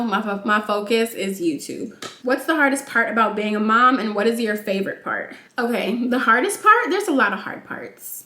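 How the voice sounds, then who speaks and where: A woman's voice: fairly high pitch, pushed and bright. Chatty young woman, roomy echo. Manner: chatty, informal, says "like" and "y'all" constantly. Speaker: vlogger, new mother. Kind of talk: casual chat while doing makeup.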